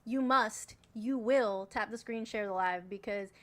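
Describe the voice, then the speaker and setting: A woman runs a casual live stream as its moderator, joking and swearing freely. She is bossy with her viewers. Her voice sits a little high for a woman. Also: measured pace.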